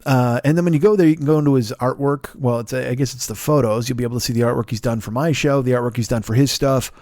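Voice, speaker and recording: In his forties and clearly worn out, a man hosts a solo comedy podcast, yawning, swearing and mocking himself as he rambles through a plug segment of shout-outs. His pitch is medium and his pace quick. The studio recording is clean, with no room sound.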